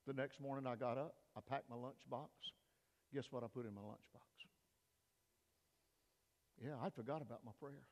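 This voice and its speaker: An older man, a pastor, preaching an emphatic sermon in a church, swinging between loud peaks and hushed asides. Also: medium pitch, fairly even intonation, normal speed, long pauses. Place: church sanctuary. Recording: long reverb of a church hall.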